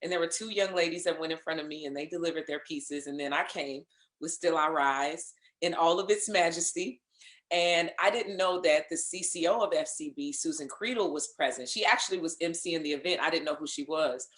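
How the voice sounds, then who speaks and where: A woman being interviewed, telling a lively story in casual conversation, acting out what others said and laughing along. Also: low voice, fairly quick, roomy sound. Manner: animated storyteller, acts out others' lines, laughs. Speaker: interview guest, singer and voice actor.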